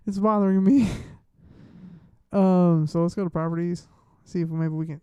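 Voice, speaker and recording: A man live-streaming casually, talking to himself in a flustered way as he fiddles with his software. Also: sits high, fairly even intonation, unhurried, clear, resonant tone, no echo.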